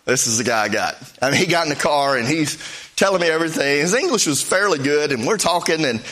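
A middle-aged male preacher tells missionary stories in a folksy, anecdotal way. His voice sits a little high for a man. He leans into acted-out snippets of conversation as he goes. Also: animated, quick pace, pushed and bright. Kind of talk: sermon storytelling.

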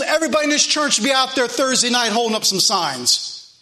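A man preaching as pastor, loud and animated, repeating his phrases. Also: very high voice, normal speed. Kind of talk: sermon.

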